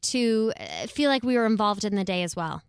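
A woman co-hosting a casual podcast chat, chatty with quick agreeing interjections. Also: medium pitch, very animated, creaky, smooth, dry recording, clean studio sound. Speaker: podcast co-host.

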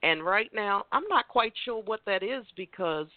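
A woman's voice: mid-range voice, lively intonation, moderate pace, no room sound. Woman host, upbeat motivational talker who stumbles and repeats, thin phone-line sound. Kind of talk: casual chat. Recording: dry tinny phone line.

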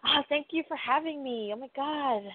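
Female guest, effusive and excitable; high voice through a tinny phone line. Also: moderate pace. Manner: gushing, excitable, repeats herself. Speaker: guest cast member. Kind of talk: casual show guest chat.

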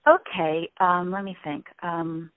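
A woman appears as a sound healing guest in an interview, her voice lowish, steady and slow over a dry, tinny phone-like line. She explains ideas and shifts her tone to demonstrate different ways of speaking.

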